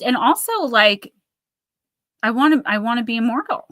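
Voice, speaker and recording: Woman host, live storyteller; animated, bright tone, plays the quoted characters. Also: a little high, moderate pace, no echo, clean studio sound. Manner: animated, acts out quoted voices while retelling a story. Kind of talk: casual storytelling on a live show.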